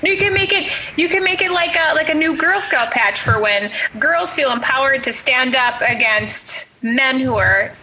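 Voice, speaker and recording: A woman's voice: sits high, lively intonation, moderate pace, few pauses, sharp tone, a little hiss or hum, rough recording. A woman co-hosting a casual podcast, asking questions and joking playfully. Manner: playful, jokey interviewer. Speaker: co-host.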